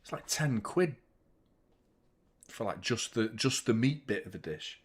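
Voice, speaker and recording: A young man talks loosely and casually, dropping the odd swear word as he banters with his viewers. His voice sits at an ordinary, middle pitch, and he breaks into quick commentary on the match. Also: expressive, husky. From United Kingdom. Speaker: football fan channel host. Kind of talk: live watchalong commentary and chat.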